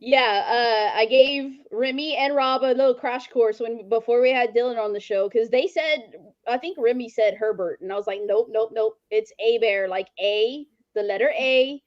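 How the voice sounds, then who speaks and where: A woman's voice: fairly high pitch, moderate pace, no room sound, dull audio. A woman from Louisiana, a podcast guest chatting casually and laughing easily. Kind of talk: casual chat.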